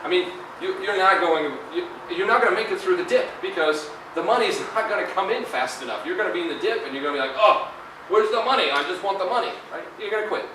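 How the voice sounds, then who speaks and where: A man's voice: high voice, lively intonation, fast, few pauses, noisy background. A middle-aged man giving a conversational university career talk, full of fillers and tag questions. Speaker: guest lecturer. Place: lecture hall. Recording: echoey hall, far from mic.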